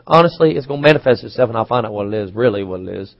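A man's voice: mid-range voice, fairly even intonation, fast, gravelly, hardly any pauses, no room sound, dull audio. A man preaching a sermon, chatty and questioning, acting out quoted voices, with occasional coughs. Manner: conversational, asks the congregation questions. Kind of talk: sermon teaching.

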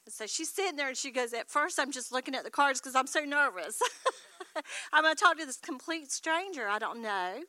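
Bright-voiced woman telling a testimony. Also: sits high, moderate pace, dry recording. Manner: animated storytelling, acting out quotes. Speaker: congregation member sharing a testimony. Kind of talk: testimony story.

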